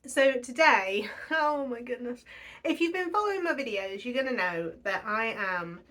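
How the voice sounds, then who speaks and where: A woman's voice: a little high, animated, normal speed, a bit bright. A woman in her thirties chatting casually to camera about budgeting, self-deprecating and laughing often. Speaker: budgeting vlogger.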